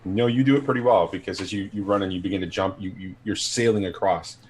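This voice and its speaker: A man running a tabletop game as game master, describing scenes in an unhurried, descriptive way. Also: low-pitched, fairly even intonation, slight background noise.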